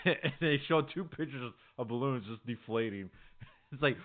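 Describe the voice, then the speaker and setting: A man's voice: mid-range voice, moderate pace. Chill podcast guy rambling and laughing, phone-line sound. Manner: laid-back, laughs often, rambling. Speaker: podcast co-host. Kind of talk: casual chat. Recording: tinny phone-like audio.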